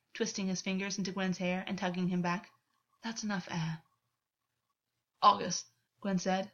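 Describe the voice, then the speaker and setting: A woman reading a novel aloud as narrator, with a measured, even storytelling delivery. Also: mid-range voice, lo-fi sound. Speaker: audiobook narrator. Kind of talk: scripted narration of fiction.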